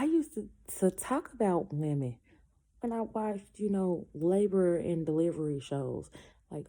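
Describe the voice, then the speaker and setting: Low, gravelly woman telling a story. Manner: animated, acts out the people she quotes; breaks off mid-story to say she is in pain. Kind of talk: casual personal storytelling.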